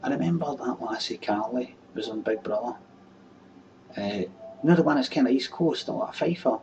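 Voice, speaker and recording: A man's voice: mid-range voice, moderate pace, a little mellow, muffled recording. A Scottish man in his thirties hosting a webcam show, answering viewer questions in a blunt, sweary, exasperated rant. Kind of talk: casual ranting chat. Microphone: webcam mic. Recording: distant webcam mic with faint room noise.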